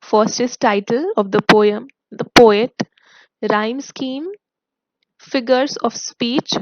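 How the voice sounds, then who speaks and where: A woman teacher explaining a poem's devices to her students in a recorded online lesson, speaking in a measured, explanatory way. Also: a little high, dull audio. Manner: slow, explanatory, addresses students. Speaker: school English teacher.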